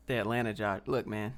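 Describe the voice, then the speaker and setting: A young man hosting a casual livestream, ranting in a brash, slangy way and reading out viewer comments. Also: on the low side. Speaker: livestream host.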